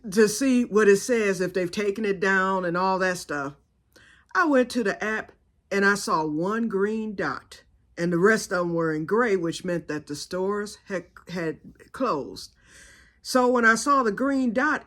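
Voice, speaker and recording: A woman's voice: lowish voice, fairly bright tone. Chatty woman vlogger saying y'all. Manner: chatty, laughing, addresses viewers as y'all. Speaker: channel host. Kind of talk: casual storytelling vlog.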